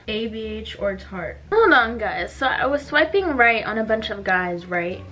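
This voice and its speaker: Young woman, bubbly, giggly, chatty makeup vlog, slightly high voice, filler-heavy. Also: animated, measured pace, pushed and bright, faint music behind. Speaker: beauty vlogger. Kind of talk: casual makeup vlog chat.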